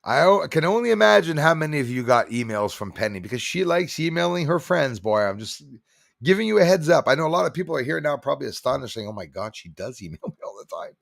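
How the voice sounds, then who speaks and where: A man's voice: fairly high pitch, lively intonation, quick pace, vocal fry, no echo, studio quality. A middle-aged man from Canada hosting a casual livestream, rambling and reading viewer comments aloud. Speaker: livestream host.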